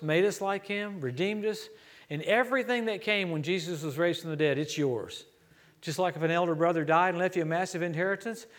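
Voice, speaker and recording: A middle-aged man from Louisiana preaches in a church, his voice sitting a little on the high side. He tells lively stories and acts out the dialogue as he goes. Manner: storytelling, animated preaching with quoted dialogue. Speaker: traveling preacher. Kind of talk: sermon.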